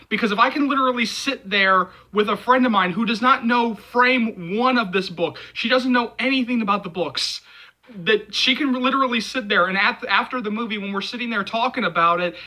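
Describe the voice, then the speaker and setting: A man's voice: high-pitched, sharp tone, poor audio. A man hosting a movie channel, talking passionately in casual video commentary, with lots of fillers and repetition.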